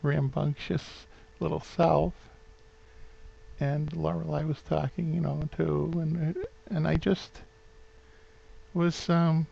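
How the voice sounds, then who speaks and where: A man's voice: a little high, little pitch movement, slow pace, vocal fry, long pauses, warm tone, husky, dull audio. A man in his fifties with a New England accent rambles sentimentally through a home vlog, full of fillers and restarts. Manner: sentimental, gets openly emotional. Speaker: vlogger.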